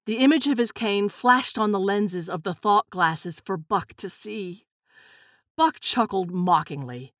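A woman narrating a storybook in a measured, expressive way. She reads slowly, at a middle pitch. The recording is dry and close. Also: no echo. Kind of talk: storybook reading.

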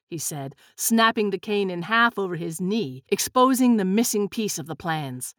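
A woman narrating a storybook in a measured, expressive reading. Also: mid-range voice, dry recording, clean studio sound.

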